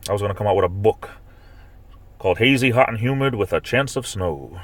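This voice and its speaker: Man, live streamer, low-pitched, chatty and rambling, playful mock outrage. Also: fairly quick. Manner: rambling, chatty, with repeated fillers and restarts; bursts into high-pitched mock outrage when ranting. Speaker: live stream host reading chat. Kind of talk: casual live stream chat.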